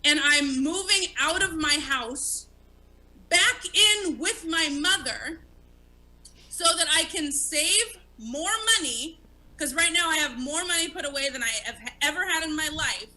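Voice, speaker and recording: A woman's voice: high-pitched, animated, a little slow, sharp tone, rough recording. A woman in her late thirties, a stand-up comic hosting an online talk show, talking candidly and with plenty of profanity. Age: 30s. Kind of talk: casual live-streamed talk show chat.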